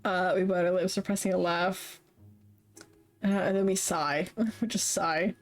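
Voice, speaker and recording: A young woman streamer reading a story game aloud, chatty and quick to laugh between lines. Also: medium pitch, steady tone, soft background music. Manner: chatty, laughs often, reads narration then comments. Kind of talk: reading a visual novel aloud with commentary.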